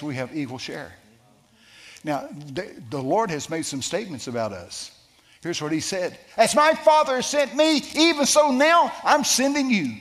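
A man preaching a sermon, telling a story with lively shifts and asking the congregation questions. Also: a little high. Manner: storytelling, animated, asks the crowd questions. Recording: long hall reverb.

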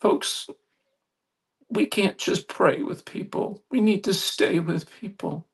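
A man preaching a sermon, telling a story earnestly with halting restarts and building to emphatic appeals. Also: high-pitched, steady tone, vocal fry, slightly rough.

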